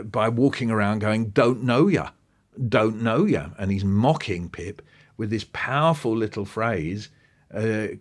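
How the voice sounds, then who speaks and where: A man, an interview guest talking with lively enthusiasm and acting out bits of what he describes. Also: lowish voice. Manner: animated, quoting and acting out passages. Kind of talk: podcast interview.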